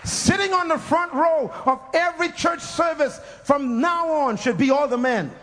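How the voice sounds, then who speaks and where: A man preaching a fiery sermon, shouting, laughing and leading call-and-response. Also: very high-pitched, moderate pace.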